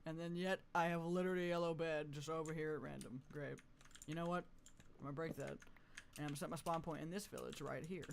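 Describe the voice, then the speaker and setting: A man chatting through a live game stream, swinging from mumbly asides to loud, cartoonish exclamations and laughing often. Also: on the high side, fairly even intonation, fast talker, gravelly. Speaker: gaming streamer. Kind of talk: live gameplay commentary.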